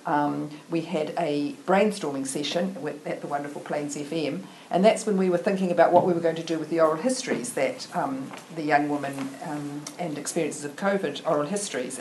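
A woman introduces a guest speaker at a gathering, pausing often and talking casually. Her voice is somewhat low, and clear background noise runs under the recording. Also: steady tone, darkish tone, low-quality recording. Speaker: event host introducing speaker.

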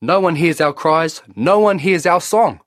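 A man's voice: on the high side, unhurried, no room sound, studio quality, pitched above the performer's own voice, lightly acted. A man voicing a bold young male trickster hero in a storybook, earnest and grand.

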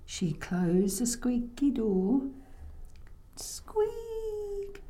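A woman's voice: medium pitch, expressive, a little slow. A woman telling a children's story in the oral tradition, playful, making the sound effects and inviting listeners to join in. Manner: playful, with vocal sound effects and audience prompts.

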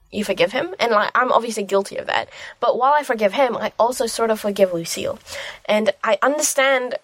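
A woman's voice: mid-range voice, fairly bright tone, no echo. A young woman chatting casually about a film she loves. She gushes and rambles, with plenty of fillers. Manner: gushing, rambling, many fillers. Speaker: film reviewer. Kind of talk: casual vlog chat.

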